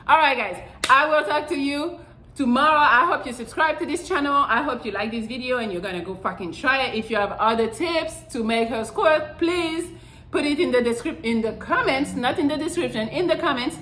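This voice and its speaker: A woman's voice: high-pitched, fairly quick, bright, forceful tone. Blunt, profane woman vlogger. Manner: blunt, profane, repeats "I'm telling you". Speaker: channel host. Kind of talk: casual how-to vlog. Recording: roomy echo.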